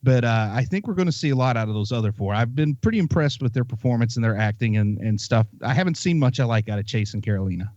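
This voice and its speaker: A man's voice: medium pitch, animated, fast, hardly any pauses, a little mellow, no echo. Brief: male podcast co-host, rambling and self-correcting, slightly muffled dry sound. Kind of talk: casual chat.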